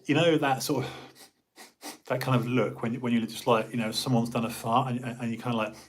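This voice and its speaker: A middle-aged man with a British accent, talking off the cuff on a live stream. His voice is a touch husky and sits at an ordinary middle pitch. He rambles, jokes and restarts his sentences often, animated and chatty throughout. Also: brisk. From United Kingdom. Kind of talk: casual rambling monologue.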